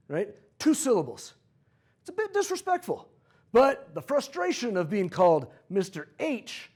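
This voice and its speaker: A man in his forties who teaches history delivers a comedic vlog lesson, joking and playful as he tells the story. His voice sits high for a man and leaps about animatedly. The tone has a husky edge.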